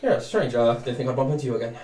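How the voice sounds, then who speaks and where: A man's voice: mid-range voice, lively intonation, very fast, mellow, recorded from a distance, close to an everyday voice. A man voicing a huge, brash male tiefling brawler who swears freely, recorded in a roomy space away from the mic. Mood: casual. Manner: coarse, swaggering, swears freely.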